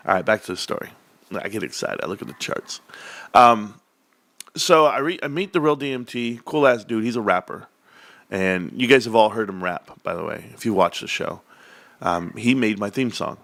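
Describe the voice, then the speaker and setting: A man's voice: on the low side, normal speed, gravelly, fairly bright tone, dry recording. A man hosting a casual stock market livestream, rambling and joking while answering chat viewers. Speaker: livestream host.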